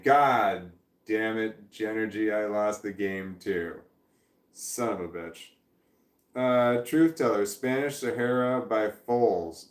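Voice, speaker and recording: A man's voice: fairly low pitch, a little mellow, roomy sound. A man in his forties, hosting a casual livestream, rambling as he reads out viewer comments and chuckles along. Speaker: livestream host.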